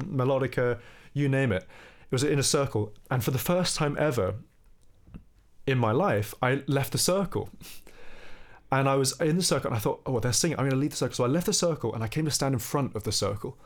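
A young man, a musician guest, telling a story in relaxed conversation and singing short bits of melody as he goes. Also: mid-range voice. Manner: animated, sings snippets of melody while telling the story.

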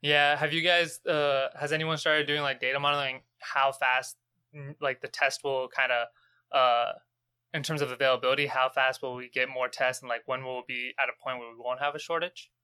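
A man's voice: mid-range voice, flat delivery, moderate pace, sharp tone, smooth, dry recording. A man hosting a podcast, chatting casually and filling his talk with "like". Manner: casual, many "like" fillers. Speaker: podcast host.

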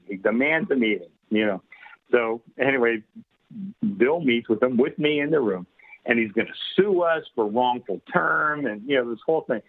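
A man telling a long rambling story in casual chat, laughing often and filling with "you know". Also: medium pitch. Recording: tinny phone-like radio line.

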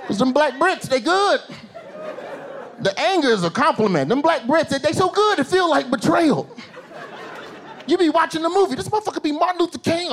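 A male stand-up comedian, performing an animated set that swings from low asides to high shouted bits on a theater stage. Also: brisk. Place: theater stage with a laughing audience. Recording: live show with loud crowd laughter and room noise.

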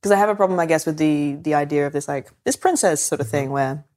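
A woman with an Australian accent, chatting as a podcast guest, animated and often laughing. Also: deep voice. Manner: animated, laughing, quick restarts. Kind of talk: casual chat.

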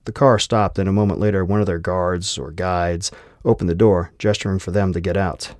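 Male audiobook narrator, lowish voice, dry close recording, steady reading. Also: a little fast, dry recording.

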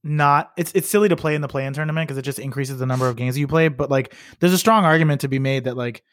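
A man's voice: mid-range voice, fast talker, no echo, studio quality. A man co-hosting a sports podcast, rambling with lots of fillers and the odd curse. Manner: rambling, filler-heavy, profane. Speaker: podcast co-host. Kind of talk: casual sports chat.

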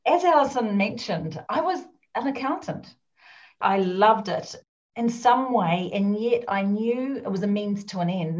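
A middle-aged woman with a New Zealand accent, a podcast guest telling her personal story in a chatty way. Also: medium pitch. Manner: warm, chatty storytelling with fillers. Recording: dull lo-fi sound.

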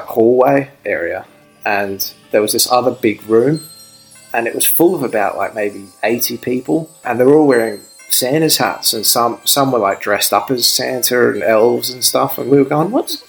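In poor-quality audio, a young Australian podcast guest with a mid-range voice chats casually, rambling through a story in a relaxed way and laughing along.

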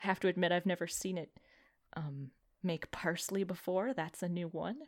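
A woman's voice: on the low side, steady tone, moderate pace. Rambling woman game master. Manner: chatty, rambling, many fillers and laughs. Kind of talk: narrating a tabletop game.

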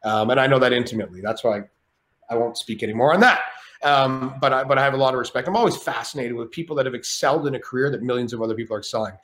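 Profane, animated male storyteller. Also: medium pitch, very fast, echoey room. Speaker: podcast guest. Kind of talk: casual storytelling.

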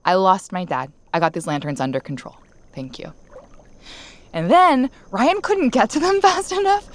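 A woman hosting a podcast tells a long personal story in a loose, candid way. She slips into other people's voices for quoted lines and laughs between them. Her pitch sits in a middle range. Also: moderate pace. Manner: candid, animated, laughs while telling. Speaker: podcast host. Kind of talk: casual storytelling chat.

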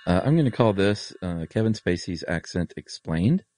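A man's voice: expressive, moderate pace, darkish tone, no room sound. A man co-hosting a podcast in casual chat, understated and wry. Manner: low-key, wry, understated. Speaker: podcast co-host. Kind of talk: casual chat and reading listener mail.

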